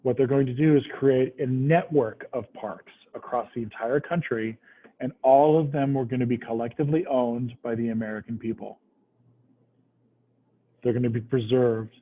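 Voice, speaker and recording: A man's voice: medium pitch, steady tone, normal speed, a little hiss or hum. A man teaching a history class in a casual, conversational way, often checking in with the students. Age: adult, past military service. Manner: conversational, checks understanding with "right?". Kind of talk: classroom lecture. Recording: tinny phone-like recording.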